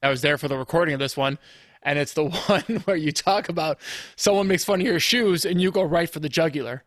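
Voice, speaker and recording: A man hosting a casual podcast chat, easygoing and agreeable, often pausing to find his words. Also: a little high, a bit bright, no room sound, clean studio sound. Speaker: podcast host.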